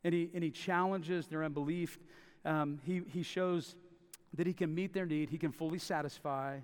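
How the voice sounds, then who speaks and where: Guy preaching, pretty high voice, big echoey hall, keeps repeating stuff for emphasis. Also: steady tone, normal speed, smooth. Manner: emphatic, repeats phrases for stress. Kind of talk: sermon. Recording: long reverb of a large hall.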